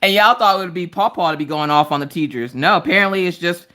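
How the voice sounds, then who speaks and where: A woman's voice: lowish voice, fast talker. A woman in her thirties hosting a casual livestream, telling family stories with frequent laughter. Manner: animated, laughs often while telling stories. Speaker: livestream host. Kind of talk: casual storytelling chat.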